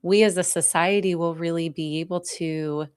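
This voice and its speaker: A woman giving a live spiritual talk, speaking softly and slowly with heartfelt pauses as she answers viewer questions, moved close to tears. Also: fairly low pitch, fairly even intonation, smooth. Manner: soft, heartfelt, slow and reflective with pauses.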